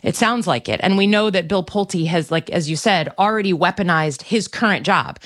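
A middle-aged woman senator answering interview questions in a measured, firm way. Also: fairly low pitch. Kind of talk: political interview.

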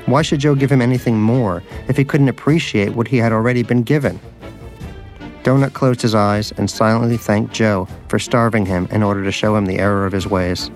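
A man with a lowish voice reads a storybook tale with dry, wry timing. Music plays clearly beneath him. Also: fairly even intonation, a little fast. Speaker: narrator. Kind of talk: storybook narration. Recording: narration over music.

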